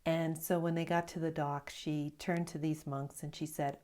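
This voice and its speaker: A middle-aged woman meditation teacher giving an evening talk, telling stories slowly and reflectively, with soft hushed asides. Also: sits low, little pitch movement.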